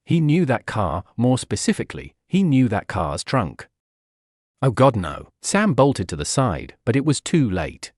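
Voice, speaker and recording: A man reads a fan-fiction story aloud as a dramatic audiobook, his pitch rising and falling a lot. The recording is dry and close-miked, with no room echo. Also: normal speed, few pauses. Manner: expressive, voices the characters' shouts. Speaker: audiobook narrator.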